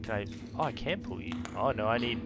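A man commenting while playing a horror game, swearing a lot, grumbling when frustrated and yelling when something chases him. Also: medium pitch, animated, fast talker, over loud music, low-quality recording. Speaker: gaming video creator. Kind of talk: let's play commentary.

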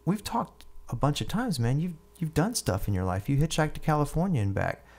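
A man's voice: fairly low pitch, moderate pace. A man voicing a tipsy male friend at a bar who keeps pressing and scolding, repeating "man". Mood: insistent.

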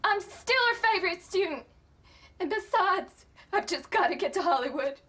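A woman's voice: very high-pitched, expressive, normal speed, a bit bright. A dreamy, whiny young pageant girl. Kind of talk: TV comedy acting.

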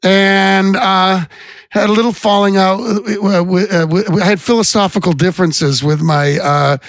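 A man's voice: high-pitched, fairly even intonation, normal speed, fairly bright tone, no room sound. A middle-aged man and songwriter telling rambling stories as a guest on a casual podcast. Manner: rambling anecdotes with restarts. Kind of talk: casual storytelling chat.

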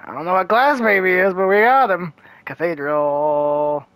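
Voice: mid-range voice, unhurried, a bit bright, clear, resonant tone, dry recording, faint music behind. A gameplay commentator talking through a hard run in casual let's-play style, nervous and muttering reactions with frequent swearing.

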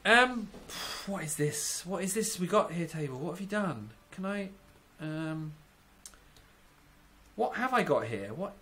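A gaming YouTuber, under the weather, builds in a game while giggling, rambling and teasing himself. His voice sits high and sing-song, a little slow, bright and forceful, with slight background noise.

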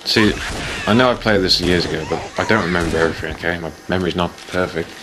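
Male let's play host, low voice, chatty and self-mocking, steady hiss behind him. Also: fast talker. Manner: rambling, self-mocking, jokey. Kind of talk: casual gameplay commentary.

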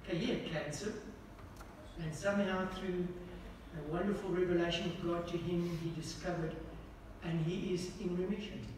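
A man preaching a sermon, often asking the congregation questions and swinging between emphatic lines and hushed ones. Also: high-pitched, steady tone, normal speed. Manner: asks the congregation repeated questions. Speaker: pastor. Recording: echoey hall from far off, faint noise.

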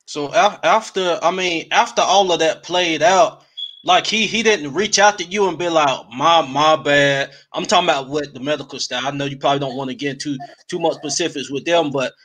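A man hosts a casual podcast interview and asks loose, probing follow-up questions. His voice sits slightly higher than most men's. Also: fairly quick, fairly bright tone. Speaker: podcast host.

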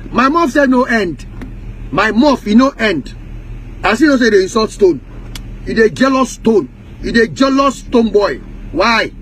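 Speaking in a Ghanaian Pidgin English accent, a man with a very high, fairly bright voice goes on an angry, profane rant, pounding away at the same accusations repeatedly. The low-quality recording has a faint hum of noise underneath.

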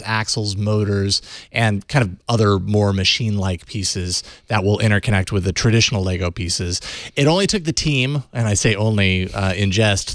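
A young man co-hosting a tech news show, chatting casually with easy jokes and quick laughs in a studio. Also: on the low side, fairly bright tone, dry recording. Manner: easygoing, joking, quick laughs. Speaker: co-host. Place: studio with live audience.

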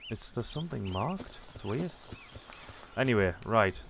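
A man's voice: mid-range voice, sing-song, unhurried, fairly bright tone, slight background noise. A man giving casual gameplay commentary, chatty and self-mocking, often muttering to himself as he plays. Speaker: let's play commentator.

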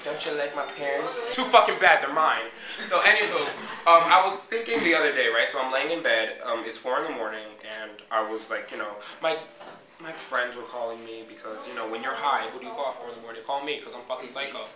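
With friends gathered in an echoey room, a man rattles off a rowdy, crude comic monologue for his vlog, giggling loudly and jumping into squeals. He talks quickly amid crowd noise.

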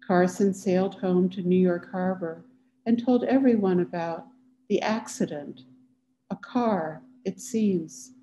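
Woman author, measured and deliberate literary reading, warm and dark. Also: medium pitch, a little hiss or hum, poor audio. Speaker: author reading her fiction.

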